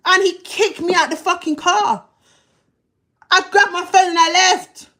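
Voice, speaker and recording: A woman's voice: extremely high pitch, moderate pace, bright, forceful tone. A woman telling a personal story on a livestream. She talks bluntly, in slang and profanity, and often repeats herself. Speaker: livestream host.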